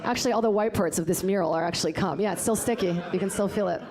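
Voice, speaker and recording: A woman's voice: medium pitch, very fast. A woman doing a stand-up comedy set, crude and playful, with some crowd work.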